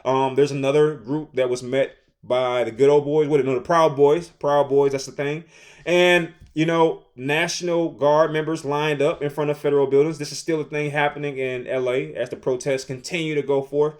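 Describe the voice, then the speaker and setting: A man in his thirties giving casual opinion commentary, animated and repetitive, with slang. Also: a little high, moderate pace. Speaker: commentary host.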